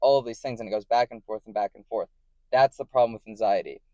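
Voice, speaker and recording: A man's voice: lowish voice, fast, a little mellow, dry recording, lo-fi sound. A man in a casual monologue, talking to camera as a vlogger, rambling, correcting himself and checking in with the listener. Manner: rambling and self-correcting, often checking in with "right?".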